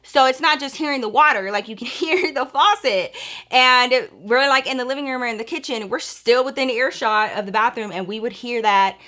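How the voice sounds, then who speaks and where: A young woman vlogger telling a ghost story to her viewers in casual, animated chat, swearing freely and calling them y'all and girl. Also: a little high, normal speed.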